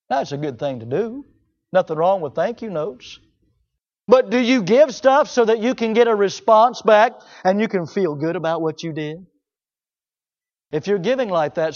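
A man's voice: high voice, dull audio. A man preaching a sermon, asking the congregation rhetorical questions and voicing imagined objectors.

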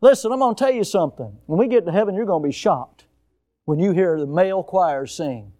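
A male pastor preaching a sermon with emphatic swings in loudness and pace, now and then putting on mocking high voices. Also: animated, fairly quick.

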